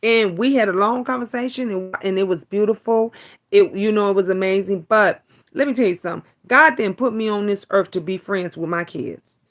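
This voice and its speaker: A woman's voice: medium pitch, moderate pace. A middle-aged woman hosting a casual livestream, chatting bluntly and profanely with viewers, restarting and repeating her words. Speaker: livestream host. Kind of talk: casual livestream chat reading viewer comments.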